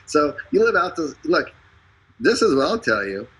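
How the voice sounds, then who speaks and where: A man hosting a live stream, making a casual, joking sales pitch full of fillers and restarts. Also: big pitch swings, normal speed, a bit bright, slightly rough, rough recording. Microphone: streaming over an internet connection.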